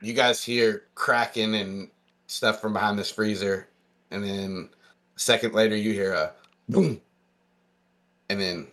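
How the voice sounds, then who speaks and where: A man with a fairly low pitch narrates as the game master of a tabletop game. He sounds relaxed but halting, using many fillers.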